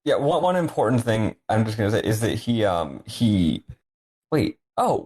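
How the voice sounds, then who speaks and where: Male podcast co-host, lowish voice, rambling and self-correcting. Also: big pitch swings, moderate pace, darkish tone. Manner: rambling, thinking aloud, correcting himself. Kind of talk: casual podcast chat.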